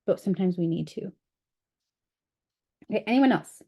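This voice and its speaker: A woman's voice: lowish voice, animated, moderate pace, mellow, slightly rough. A woman leading a book study group over a video call, talking in a chatty, candid way with frequent fillers. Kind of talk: casual group discussion.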